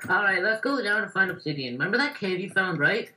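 Excitable gamer chatting during play; bright voice, mid pitch. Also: quick pace, a little hiss or hum, poor audio. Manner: excitable, loud bursts, curses casually. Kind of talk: casual gaming chat.

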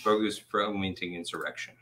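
Bright-voiced laughing male co-host. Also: deep voice, brisk, soft background music. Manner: animated storyteller, laughs often. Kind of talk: casual live-stream chat.

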